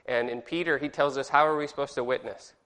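A man's voice: mid-range voice, fairly even intonation, fast talker, fairly bright tone. A man leading an informal Bible study lesson, chatty and rambling, quizzing his class and correcting himself as he goes. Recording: reverberant hall with long echo.

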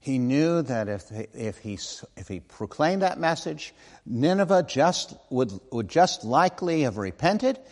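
Earnest preacher in a reverberant hall. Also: male voice, on the high side, animated, unhurried. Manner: earnest, conversational, with asides and self-corrections. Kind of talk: sermon.

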